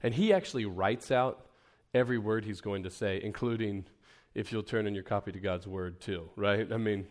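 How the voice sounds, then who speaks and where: A lowish male voice at a moderate pace guides an informal session for preachers at camp, held in the meeting room. His delivery is chatty, self-mocking, and marked by repeated restarts.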